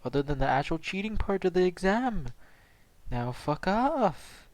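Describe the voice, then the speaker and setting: A man's voice: sits high, very animated, measured pace, no echo, pitched above the performer's own voice. A man voicing a foul-mouthed, angry young male ninja teacher who talks bluntly and aggressively.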